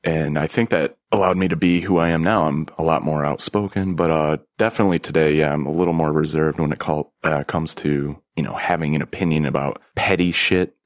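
A man co-hosting a casual podcast, self-deprecating and quick to laugh. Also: extremely low pitch, fairly even intonation, dry recording. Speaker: podcast co-host. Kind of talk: casual chat.

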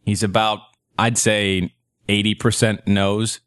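A man's voice: on the low side, flat delivery, slow, a bit bright, smooth, no room sound, studio quality. A man in his thirties hosting a casual comedy podcast, joking crudely and laughing often. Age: 30s. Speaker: podcast host.

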